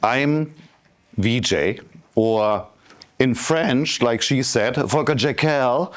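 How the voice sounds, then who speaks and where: A man's voice: medium pitch, drawn-out words. A man in his fifties from Germany with a German accent, giving a motivational talk as a business coach and telling his story straight to the audience. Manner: animated storytelling, addresses the audience directly.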